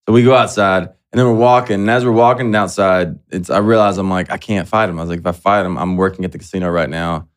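A young man who talks fast and rambles, piling on fillers and swearing as he tells stories on a casual podcast. His voice sits a little low for a man. He's a comedian, and it shows in how animated his storytelling gets. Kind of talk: casual chat.

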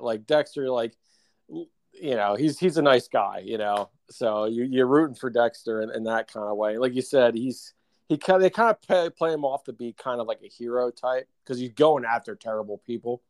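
A man chatting casually as a podcast co-host, his pitch sitting in an ordinary middle range. He rambles, stopping and restarting his sentences and filling the gaps with "like" and "uh.". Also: moderate pace, a little mellow, dry recording. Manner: rambling, many fillers and restarts. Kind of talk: casual chat.

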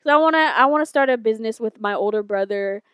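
A woman's voice: on the high side, expressive, quick pace, fairly bright tone, smooth, no echo, clean studio sound. A young woman co-hosting a podcast, telling a long rambling story in casual, profane chat. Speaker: podcast co-host.

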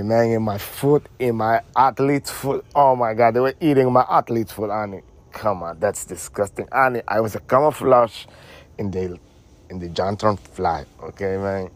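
A man's voice: fairly low pitch, a little mellow, no room sound. A man co-hosting a casual comedy podcast, rambling in slang and calling people honey and man. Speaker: podcast co-host.

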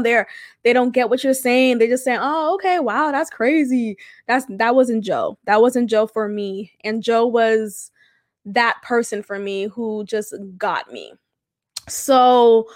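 Woman podcast host, fairly high voice, dry close-miked sound, candid and emotional in her storytelling. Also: no room sound. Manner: candid, emotional, conversational with many fillers. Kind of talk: personal storytelling monologue.

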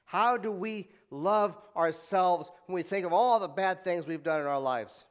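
A male pastor with a somewhat high voice delivers a sermon. He tells the story dramatically, dropping from strong emphasis to hushed tones, and has the congregation repeat scripture after him. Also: a little slow, long reverb tail. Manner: dramatic retelling with swings from loud to hushed; leads congregation in call-and-response repetition.

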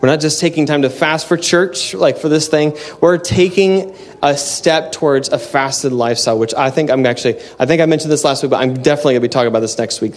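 Casting: male pastor, mid pitch, earnest, chatty sermon delivery with restarts in a church. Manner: earnest, conversational, with frequent restarts.

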